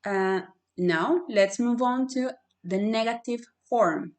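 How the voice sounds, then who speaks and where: Slow, patient woman teaching English. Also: on the high side. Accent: Spanish. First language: Spanish. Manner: patient, repeats drills slowly, checks with "right?". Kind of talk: online grammar lesson.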